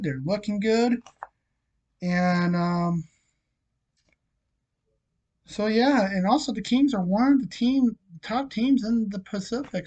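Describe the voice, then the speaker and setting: A hockey vlogger with a medium, slightly mellow voice, captured on a muffled recording. He has a frog in his throat and a nagging cough as he chats casually through scores, odds and picks, filling his talk with lots of fillers.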